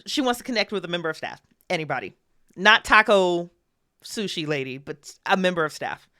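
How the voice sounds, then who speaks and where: A woman's voice: fairly low pitch, expressive, a little fast, bright, forceful tone, no echo, studio quality. Thoughtful woman player in a tabletop game. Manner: thoughtful, explains at length with fillers. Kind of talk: tabletop role-play.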